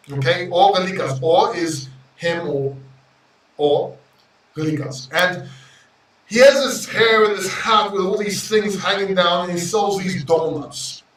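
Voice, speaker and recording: A Greek man hosting a crypto livestream, talking to chat in an emotional, brash way, swearing and swinging between loud and quiet. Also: sits high, distant mic. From Greece. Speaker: crypto YouTuber reading live chat. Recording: roomy echo, off-mic sound.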